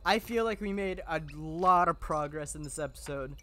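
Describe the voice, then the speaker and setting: A man's voice: a little high, fairly even intonation, moderate pace, a bit bright, clear, resonant tone, soft background music. A young man hosting a gameplay video, rambling and mocking himself with lots of fillers. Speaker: gaming video host. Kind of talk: casual gameplay commentary.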